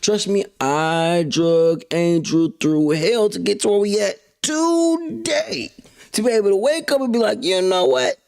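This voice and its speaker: A man hosting his own show, ranting in a casual, slangy monologue that swings between loud outbursts and low mutters. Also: vocal fry. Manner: slangy, drawn-out emphasis. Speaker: podcast host.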